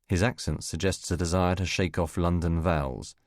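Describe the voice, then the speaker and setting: A man with a low, deep voice narrates a first-person spy novel in a measured, wry way. The recording is dry and close, with no room sound. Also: steady tone, no echo. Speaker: audiobook narrator.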